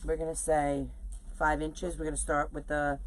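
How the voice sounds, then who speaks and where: A woman's voice: sits low, normal speed. Chatty woman crafting on a live stream. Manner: chatty, animated, talks to viewers while working. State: sore legs from standing. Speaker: wreath designer hosting a live stream. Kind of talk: casual chat while crafting on a live video.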